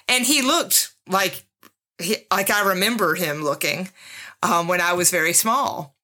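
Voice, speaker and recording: Speaking straight to her audience, a middle-aged podcast host tells a personal story with candor and emotion. Her voice is lowish, bright and forceful, and her pace is a little slow.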